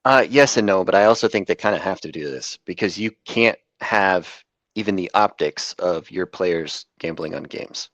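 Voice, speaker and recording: A man's voice: sits low, normal speed, a bit bright, dry recording, dull audio. A man co-hosting a football podcast, easygoing and chuckling often, hedging with "like" and "I think". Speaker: podcast co-host. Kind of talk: casual chat.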